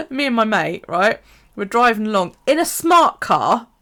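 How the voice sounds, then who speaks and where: A woman's voice: fairly high pitch, sing-song, measured pace, sharp tone. A woman telling a story on a casual live stream, swearing freely and laughing as she goes. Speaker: bullet journal live streamer.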